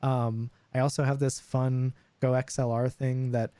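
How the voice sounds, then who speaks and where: A man's voice: medium pitch, little pitch movement, measured pace, warm tone, no echo. Young guy dm'ing, lots of ums and restarts, mid voice, dead dry mic. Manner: rambling, frequent fillers and restarts. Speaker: dungeon master. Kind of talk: casual chat over voice call.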